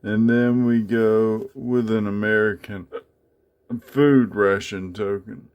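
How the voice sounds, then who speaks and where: A man casually talking through his coin collection in a home vlog, halting with many fillers as he handles each piece. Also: lowish voice, fairly even intonation, clear, resonant tone, muffled recording. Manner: unhurried, many fillers, speaks haltingly while handling items. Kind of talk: casual show-and-tell vlog.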